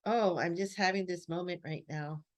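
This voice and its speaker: Sitting outdoors, a woman vlogs in a casual, reflective monologue, rambling with lots of "like" and "you know" and laughing often. Her voice is lowish and her speed normal.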